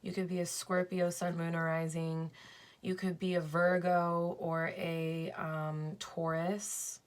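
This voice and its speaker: Slow, low-voiced young woman reading tarot. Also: flat delivery, clear, resonant tone. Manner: slow, dreamy and enthusiastic, with many "like"s. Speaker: tarot card reader. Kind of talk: pick-a-card tarot reading.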